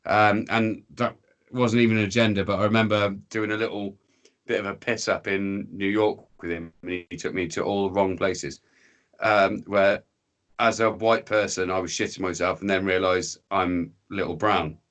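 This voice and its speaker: A man's voice: low-pitched, fairly even intonation, moderate pace, fairly bright tone. English guy, casual podcast storyteller, sweary, mimics the people in his tales. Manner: rambling, sweary, slips into voices for characters. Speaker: podcast guest.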